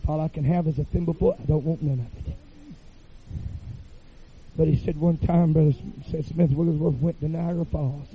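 A man preaching a revival sermon in a church, chanting phrases with "uh" fillers and rising to shouts. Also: a little high, steady tone, moderate pace, long pauses, dull audio, a little hiss or hum.

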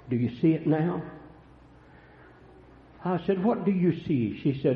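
An older man preaching a sermon, telling folksy stories and swinging between hushed and loud lines. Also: fairly high pitch, expressive, normal speed. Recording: echoey room, dull lo-fi sound.

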